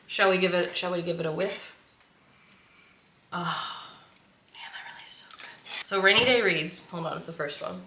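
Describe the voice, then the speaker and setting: A woman's voice: on the low side, a bit bright. A woman vlogging casually who gushes, chats and laughs often. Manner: gushing, chatty, laughs often. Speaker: sewing vlogger. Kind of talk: casual vlog chat. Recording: echoey room, faint noise.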